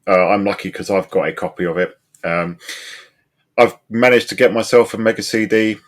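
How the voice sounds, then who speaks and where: A man co-hosting a podcast, chatting in a relaxed, agreeable way and recalling details tentatively. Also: lowish voice, moderate pace. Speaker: podcast co-host. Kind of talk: casual podcast chat.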